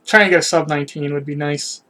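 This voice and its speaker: A man's voice: on the high side, steady tone, quick pace, pushed and bright, slight background noise. A man casually chatting on a live game stream, self-critical and rambling, trailing off, a bit out of breath.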